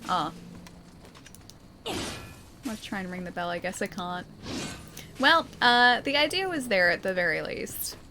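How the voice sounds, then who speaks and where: A woman's voice: medium pitch, big pitch swings, measured pace, long pauses, background noise. A woman streaming a game live, chatting playfully with her viewers and joking as she plays. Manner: playful, chatty, jokey asides.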